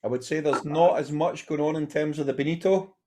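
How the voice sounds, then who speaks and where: A man's voice: on the high side, fairly even intonation, brisk, mellow, slight background noise. A man co-hosting a casual beer podcast, easygoing and jokey as he introduces each beer. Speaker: podcast co-host.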